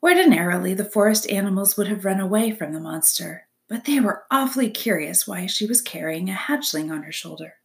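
A woman reads a children's novel aloud in an expressive storytelling voice. Her pitch rises and falls in a lively way, with a touch of gravel at the bottom. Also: fairly quick, few pauses. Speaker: narrator.

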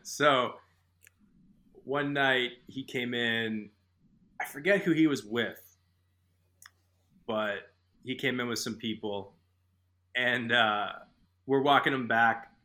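A man's voice: medium pitch, sharp tone. A man with a Boston accent, a podcast guest telling stories in casual, profane, filler-heavy chat. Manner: rambling, profane, many fillers.

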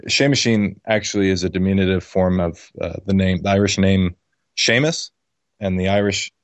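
A man's voice: low voice, flat delivery, brisk, no room sound. A man who is a guest on a podcast, explaining his views thoughtfully with some hesitation. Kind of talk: podcast interview.

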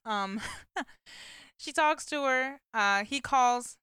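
A woman's voice: sits high, slow pace, bright, forceful tone, clear, resonant tone, no echo, studio quality. A woman in a casual chat, retelling a story with plenty of fillers and asides. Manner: chatty storytelling with many fillers. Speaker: vlogger recapping a movie.

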